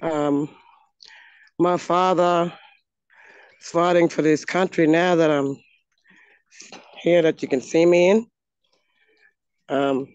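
An Australian woman speaks slowly and earnestly, pausing often between thoughts. Her voice is smooth and clear. The recording is dry, with little sense of the space around her. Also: on the low side, a little mellow, no room sound, lo-fi sound. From Northern Territory, Australia. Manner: earnest, halting, with frequent pauses. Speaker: speaker at a launch event. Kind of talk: heartfelt personal address. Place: outdoors on her home land.

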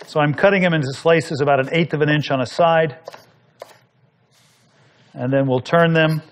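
A man's voice: on the high side, steady tone, normal speed, a little hiss or hum. A man hosting a cooking show, explaining each step in an easy, instructive way while he works. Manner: explanatory, talks while working. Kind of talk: cooking demonstration.

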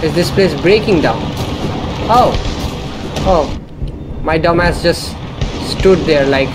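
A man's voice: high-pitched, expressive, takes it slowly, long pauses, heavy background noise. A young man giving casual, profane, rambling commentary while playing a video game. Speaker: let's play gamer.

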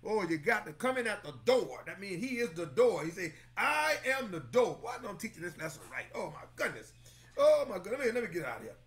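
A man's voice: high voice, very animated, fast. A man preaching a Bible lesson, exclaiming often and calling congregation members by name while repeating phrases for emphasis. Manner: repeats phrases for emphasis, breaks into song snippets. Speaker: pastor teaching Bible study. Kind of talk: lively sermon-style Bible lesson.

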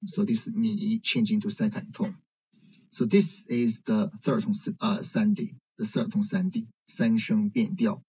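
A man teaching a language lesson, explaining slowly and checking in with "right?". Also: lowish voice, darkish tone, husky. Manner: slow, careful explaining with frequent "right?" checks. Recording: dull lo-fi recording.

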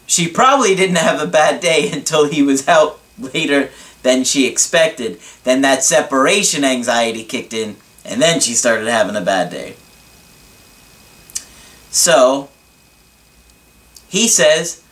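Slow, reassuring male relationship coach. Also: a little high, lively intonation, fairly bright tone. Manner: slow, deliberate, reassuring explaining. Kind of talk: advice video monologue.

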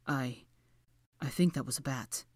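A woman's voice: extremely low pitch, a little slow, slightly rough, no echo, clean studio sound, voice pushed down, full character voice. Woman doing a sneering young wizard man. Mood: hushed. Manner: drawling, sneering. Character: snide sulky young male wizard. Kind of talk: audiobook character voice.

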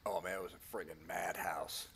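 An older man in casual chat with his gaming group, talking in a measured, reasonable way. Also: low-pitched, fairly even intonation, gravelly, fairly bright tone. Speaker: game player.

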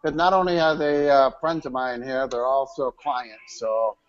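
A man's voice: medium pitch, steady tone, moderate pace, highs cut off. A man co-hosting a casual beer live stream from a restaurant, rambling with many fillers over an online call. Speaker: live show co-host.

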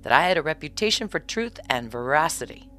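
A woman's voice: sits low, expressive, pushed and bright. A woman reading a storybook aloud and voicing a touchy, sneering little male leprechaun cobbler, with faint music behind her. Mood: indignant. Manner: sneering and quick to take offence.

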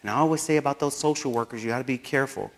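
A man giving a keynote speech, telling a personal story with animated delivery and acted-out dialogue. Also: medium pitch, very fast. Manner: animated, acts out dialogue, laughs often. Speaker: keynote speaker.

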